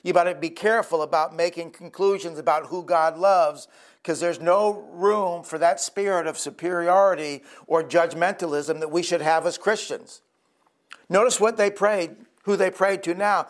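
A man's voice: on the high side, moderate pace. A male pastor preaching a sermon in an earnest, conversational storytelling way.

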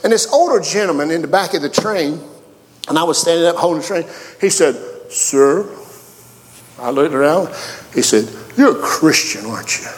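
A man with a Southern accent preaching a sermon in a folksy way, telling personal stories and swinging from quiet talk up to high, excited lines. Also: normal speed, pauses often. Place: church. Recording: long reverb of a large hall.

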